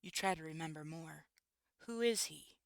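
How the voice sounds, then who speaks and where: A streamer narrating a visual novel aloud in steady storybook fashion, with occasional asides. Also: medium pitch, moderate pace, gravelly, no echo, clean studio sound.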